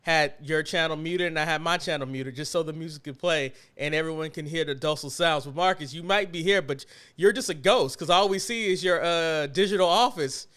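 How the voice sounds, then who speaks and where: A man's voice: fairly high pitch, brisk, hardly any pauses, a bit bright, clear, resonant tone. A man hosting a podcast over a video call, joking and laughing through teasing banter with his co-hosts. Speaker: podcast host. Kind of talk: casual chat.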